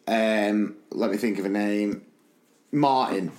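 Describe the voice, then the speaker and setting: A man, one of the podcast's hosts, telling a school story in a lively, animated way and acting out the people in it. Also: on the low side, slow pace, echoey room. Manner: animated, acts out the people in his stories. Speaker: podcast co-host. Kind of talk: casual storytelling chat.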